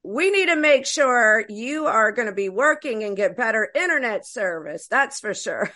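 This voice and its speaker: A woman hosting a casual interview, warmly praising her guest and laughing often. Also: on the high side, lively intonation, moderate pace. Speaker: podcast host.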